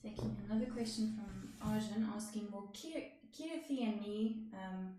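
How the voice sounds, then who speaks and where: A woman's voice: mid-range voice, unhurried, mellow. A woman co-host plainly reading out viewer questions on a live stream. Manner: plain, reads questions aloud. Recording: echoey, distant mic with faint noise.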